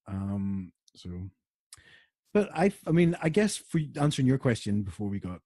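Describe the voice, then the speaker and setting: Giggly Northern Irish man, husky and dry. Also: on the low side, sing-song, moderate pace, mellow, no room sound. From Northern Ireland. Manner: giggly, bantering, rambling. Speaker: podcast co-host. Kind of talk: casual chat.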